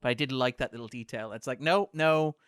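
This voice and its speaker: A man co-hosting a casual show discussion, chatty and animated with lots of fillers. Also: mid-range voice, rapid-fire, clean tone, no room sound, studio quality. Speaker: podcast co-host. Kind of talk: casual chat.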